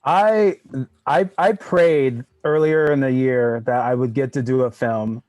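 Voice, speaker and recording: A man guest on a podcast, telling an animated story and laughing as he goes. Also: medium pitch, unhurried, dry recording. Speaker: guest actor. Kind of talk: podcast interview chat.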